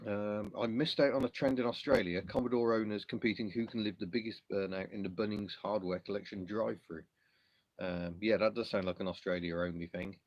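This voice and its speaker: An Englishman with a lowish, steady voice hosts a car livestream, speaking fairly quickly in a dry, lo-fi recording. In this casual live chat he reads out viewer questions and answers them, chatty and self-deprecating, with plenty of ums.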